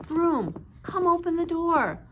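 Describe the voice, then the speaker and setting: A pack of mischievous fairies chants in a high, bouncy sing-song, as a woman acts them out. They sound wheedling and bossy at once, with the pitch swooping up and down. It is a storybook read-aloud. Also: expressive, a little slow, a little hiss or hum.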